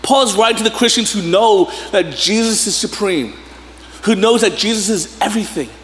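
In an echoey church hall with faint room noise, a man in his thirties delivers a sermon from the sanctuary at normal speed. His voice is high and a bit bright, and as pastor he tells casual, jokey stories, often laughing.

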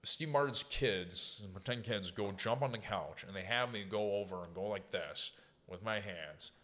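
A man's voice: on the low side, moderate pace, fairly bright tone. A man, a guest on an interview show, telling casual, profane, rambling stories with lots of fillers. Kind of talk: casual storytelling.

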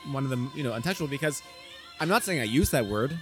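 A man, a comedian, talking in a bar in a halting, thoughtful way, searching for words. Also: medium pitch, animated, over music. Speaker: comedian guest. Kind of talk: casual bar-room chat. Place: bar, indoors.

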